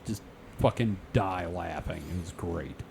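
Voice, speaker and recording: A man's voice: low voice, a little slow, vocal fry, darkish tone, slight background noise. A man co-hosting a podcast in casual chat, joking and swearing freely. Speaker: podcast co-host.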